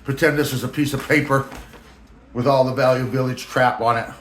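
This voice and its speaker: A man's voice: mid-range voice, fairly even intonation, a little fast, fairly bright tone, slight background noise. A man telling a story to camera in a rambling, crude, joking way, filming himself. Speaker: vlogger. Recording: echoey room.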